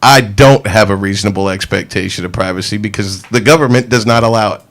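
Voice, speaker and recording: A man's voice: on the low side, fast, a bit bright. A male co-host on a talk radio show, making dry points in casual chat.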